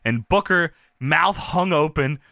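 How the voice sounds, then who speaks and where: Animated, bright-voiced podcast man. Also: on the high side, slow, vocal fry, dry recording, studio quality. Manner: profane, laughing, reads out wrestling dialogue in put-on voices. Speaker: podcast co-host. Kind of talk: casual recap chat.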